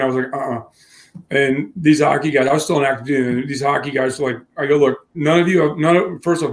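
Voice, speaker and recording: A man co-hosting a casual tech podcast, telling a long story with lively acted-out quotes and frequent laughs. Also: mid-range voice. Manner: animated storyteller, acts out quotes, laughs often. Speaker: podcast co-host.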